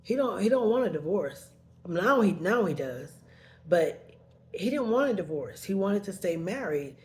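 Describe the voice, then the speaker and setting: A woman's voice: mid-range voice, sing-song, normal speed, a little mellow. A woman telling a painful personal story in a rambling way, heated at first and then subdued, sometimes tearful.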